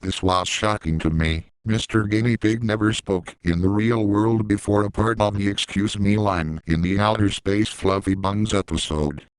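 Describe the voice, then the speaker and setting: A man's voice: fairly low pitch, moderate pace, hardly any pauses, smooth, no room sound, rough recording. A man reading a fan story aloud in a plain way, adding his own side comments. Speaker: story reader.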